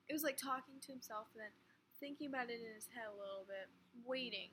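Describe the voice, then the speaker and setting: A young woman in her late teens telling a story in a rambling, animated way, full of filler words. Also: high-pitched, fast, low-quality recording. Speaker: vlogger. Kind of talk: casual storytime chat. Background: faint fan hum.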